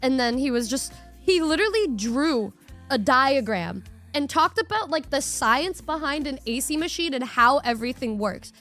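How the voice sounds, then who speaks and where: A young woman with a high, bright voice chats to her stream audience, spinning an animated story and swearing freely. She acts out her own reactions as she goes. Faint music plays softly behind her. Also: moderate pace.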